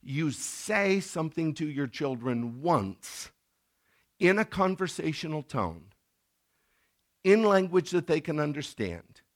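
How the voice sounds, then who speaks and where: A man's voice: on the high side, sing-song, slow. Man preaching in a conversational tone. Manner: conversational preaching, acts out scenes with sudden loud outbursts. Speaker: pastor. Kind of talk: sermon.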